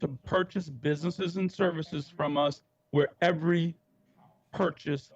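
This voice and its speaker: A man joins the show over a remote connection, and his audio comes through dull and muffled. His voice sits slightly high, and he delivers an earnest, practiced pitch. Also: fairly even intonation, a little slow, slightly rough. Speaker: guest. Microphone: remote call.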